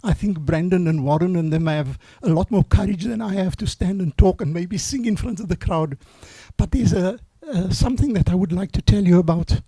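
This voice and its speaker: Hoarse older man. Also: high-pitched, mellow, no room sound. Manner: earnest, halting storytelling. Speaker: grandfather giving a eulogy. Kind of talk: memorial eulogy. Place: memorial service.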